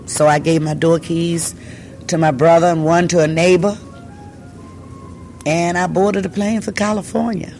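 An older woman who sings tells her life story in a relaxed interview, animatedly performing the voices of the people she quotes. Her voice is fairly low and unhurried, with frequent pauses, and soft music plays behind her.

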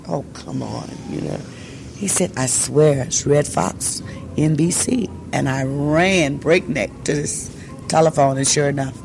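A woman's voice: sits low, a little hiss or hum. An older woman, a singer, telling her story in a casual interview and acting out the voices of the people she quotes. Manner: animated storyteller who acts out quoted voices.

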